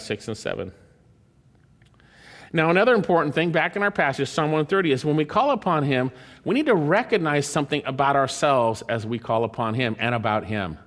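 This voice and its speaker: A man preaching a sermon, emphatic, lifting his voice to quote scripture and dropping it low to drive points home. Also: a bit bright. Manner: emphatic, swings between raised and dropped voice, quotes scripture in a lifted tone.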